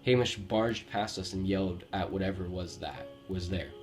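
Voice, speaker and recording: A man from Romania with a Romanian accent, reading true scary stories aloud with a steady storytelling delivery and the odd slip. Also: low-pitched, moderate pace. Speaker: horror story narrator. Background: faint background music.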